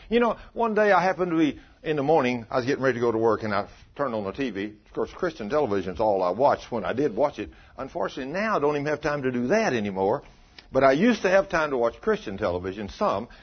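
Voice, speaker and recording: Man, preacher, folksy sermon, husky voice, muffled lo-fi recording. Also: medium pitch. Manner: folksy, animated, rising to loud emphatic peaks. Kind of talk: sermon with storytelling. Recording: dull lo-fi recording.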